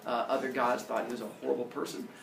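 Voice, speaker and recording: A male teacher telling myths to his class in a jokey, animated way, acting out the characters. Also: mid-range voice, fast, gravelly, slight background noise. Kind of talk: storytelling lesson. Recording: roomy classroom audio from far off.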